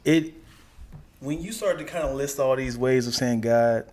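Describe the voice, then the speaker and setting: A man's voice: medium pitch, normal speed, a little mellow. A man co-hosting a podcast in casual chat, playful and teasing, often laughing as he talks. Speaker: podcast co-host.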